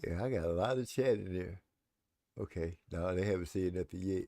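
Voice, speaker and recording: A man co-hosting a casual live-stream show, relaxed, reading viewer comments aloud. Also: sits low, brisk, dry recording. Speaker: podcast co-host reading chat.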